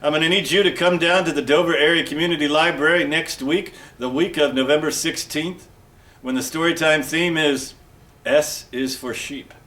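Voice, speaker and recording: A man's voice: on the high side, fairly even intonation, moderate pace, pushed and bright. Wisecracking man narrating like a detective. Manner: wisecracking, tough-guy drawl. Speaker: library storytime presenter. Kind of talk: hard-boiled detective parody narration.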